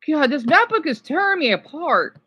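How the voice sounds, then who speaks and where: A woman's voice: sits high, big pitch swings, moderate pace, sharp tone. A woman vlogger ranting casually, frustrated and swearing at her laptop.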